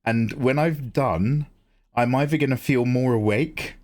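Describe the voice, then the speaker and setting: A man's voice: mid-range voice, measured pace, darkish tone. Young streamer host, playful and jokey, chats with viewers at his desk mic. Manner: playful, jokey, mock-grand asides. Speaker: livestream artist host. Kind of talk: casual chat reading viewer messages.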